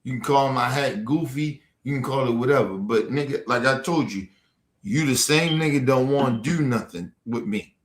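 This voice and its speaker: A man's voice: mid-range voice, normal speed, reverberant. A man ranting at a viewer on a livestream, aggressive and profane. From Baltimore. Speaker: streamer. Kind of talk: livestream rant.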